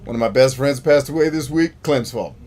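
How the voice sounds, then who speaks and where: A man's voice: medium pitch, a little fast, darkish tone. Joking, rambling male game streamer. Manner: rambling, joking, talks to chat. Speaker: gaming streamer host. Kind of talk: casual gameplay commentary.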